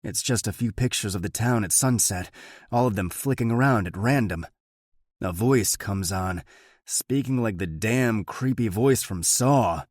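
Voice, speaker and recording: A man narrating a thriller audiobook in the first person, steady and measured. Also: lowish voice, dry recording, studio quality.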